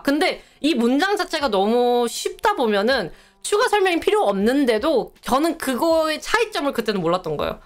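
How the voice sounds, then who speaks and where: A woman's voice: sits high, sing-song, rapid-fire. A young woman chatting casually on a live stream, rambling and poking fun at herself. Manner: chatty, rambling, self-mocking.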